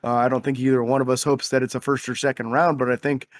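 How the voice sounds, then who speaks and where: A young man co-hosting a casual sports podcast, talking energetically and quick to exclaim. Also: mid-range voice, level tone, no room sound, studio quality. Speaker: podcast co-host.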